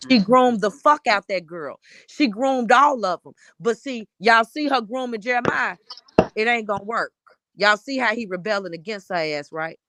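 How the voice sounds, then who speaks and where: A woman's voice: a little high, normal speed, bright, forceful tone, dry recording. Fiery, profane woman ranting. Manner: blunt, profane, fired-up ranting. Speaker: panelist. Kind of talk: heated live-stream commentary.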